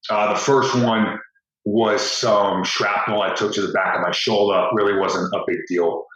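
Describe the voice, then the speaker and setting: A man who is a guest on a podcast, calmly and plainly recounting events in an understated way. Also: on the low side, moderate pace, heavy reverb, recorded from a distance, low-quality recording. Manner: matter-of-fact, understated. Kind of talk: interview storytelling.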